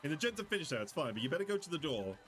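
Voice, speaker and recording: A British man streaming a game, chatting casually and joking, often jumping up into high squeals. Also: sing-song, racing, a bit bright, faint music behind. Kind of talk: casual gameplay commentary.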